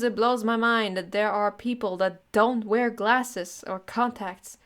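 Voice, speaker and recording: A young woman in her twenties reads comedy posts out loud in a casual, deadpan way. She keeps a middle-pitched voice and jumps into quick put-on character voices along the way. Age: 20s. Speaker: comedy dubber reading posts aloud. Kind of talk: comedic dub of text posts.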